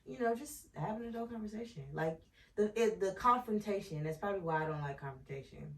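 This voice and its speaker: A woman's voice: mid-range voice, brisk, far from the mic. A woman co-hosting a podcast, talking candidly and with animation in casual chat. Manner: candid, animated, trails off with "blah, blah". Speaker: podcast co-host. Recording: roomy sound from off-mic.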